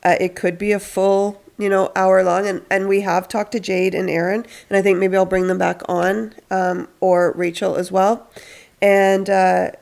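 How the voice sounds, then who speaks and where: A woman counsellor hosting a podcast, explaining calmly and acting out what parents say. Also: mid-range voice, moderate pace, vocal fry. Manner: explains patiently, acts out parents' lines. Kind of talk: casual advice chat.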